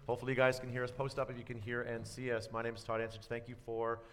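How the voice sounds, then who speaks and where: A man's voice: medium pitch, monotone, very fast, a bit bright. A man hosting a live show and introducing his guests, joking and laughing often. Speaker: host. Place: paintball venue, indoors. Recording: echoey room, faint noise.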